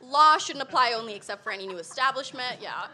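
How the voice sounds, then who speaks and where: A young woman giving a lively comedic talk, her voice bright and a touch high, swinging up and down with energy. She laughs often between lines as she plays to the audience. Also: fast. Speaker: comedy show guest.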